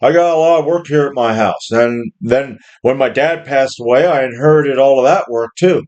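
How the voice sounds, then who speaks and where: A man's voice: mid-range voice, moderate pace, a little mellow, lo-fi sound. A middle-aged man ranting angrily about his job and the system, profane and rambling. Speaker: worker ranting about jobs. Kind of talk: angry monologue rant.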